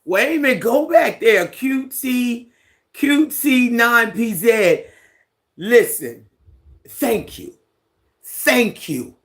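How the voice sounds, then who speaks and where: Relaxed livestream host chatting with viewers. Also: mid-range voice. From has lived on a Caribbean island for ten years. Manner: relaxed, unhurried, greets and reads out viewer comments. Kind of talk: casual livestream chat. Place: at home, indoors, near a fan.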